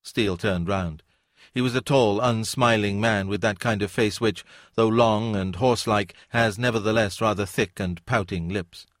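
A man narrating a novel in an audiobook, with a measured, even reading. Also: on the low side, dry recording, clean studio sound. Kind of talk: scripted narration.

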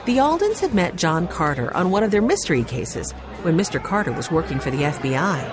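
Woman reading a kids mystery book, low voice but lively, soft music behind. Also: a little fast. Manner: calm, even storytelling delivery. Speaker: audiobook narrator. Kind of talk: scripted narration of a children's mystery. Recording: background music under narration.

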